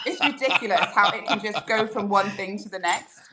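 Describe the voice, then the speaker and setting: A woman's voice: medium pitch, brisk, raised voice, crowd noise. A woman with an English accent, a guest actor chatting cheerfully and laughing as she talks. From England. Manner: cheerful, laughs while talking. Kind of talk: casual chat.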